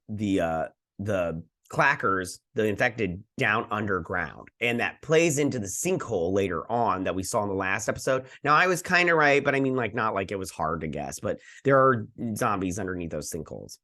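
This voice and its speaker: Male reviewer with a somewhat low voice, loose and rambling, filler-heavy delivery. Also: animated, moderate pace, fairly bright tone. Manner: rambling retelling with many fillers. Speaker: host. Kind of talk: casual video review.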